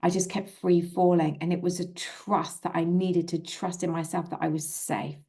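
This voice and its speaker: A woman giving a calm, gentle self-help talk as a manifestation coach, repeating soothing, encouraging phrases. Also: lowish voice, moderate pace, gravelly.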